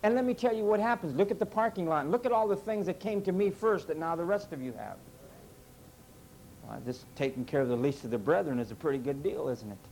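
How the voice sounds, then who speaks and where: A man's voice: a little high, expressive, fast talker, darkish tone, a little hiss or hum, poor audio. A man preaching a sermon to a congregation, emphatic and full of rhetorical questions. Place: church with parking lot.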